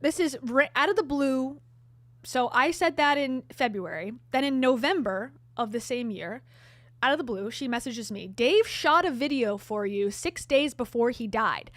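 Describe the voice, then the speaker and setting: Woman vlogger, candid and sarcastic, a little high, dry. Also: no echo. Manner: chatty, candid, with sarcastic asides. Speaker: vlogger host. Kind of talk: casual storytelling to camera.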